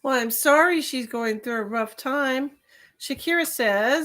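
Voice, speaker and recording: A woman's voice: high-pitched, measured pace, a bit bright. A woman giving live-stream tarot readings, chatting with viewers and calling them honey and darling. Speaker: tarot reader.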